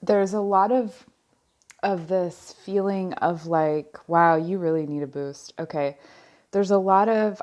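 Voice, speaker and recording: A woman with a low voice gives a tarot reading into a close mic, wearing headphones. She talks slowly and softly. She pauses often as she searches for the next word. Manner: slow, soft-spoken, searching pauses. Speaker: tarot reader. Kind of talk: pick-a-card tarot reading.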